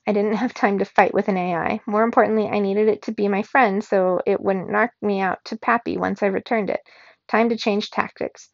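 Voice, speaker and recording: A woman reading a children's novel aloud in the first person, expressive, giving the characters their own voices. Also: mid-range voice, moderate pace, creaky, dry recording. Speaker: reader. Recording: dull lo-fi recording in a dry room.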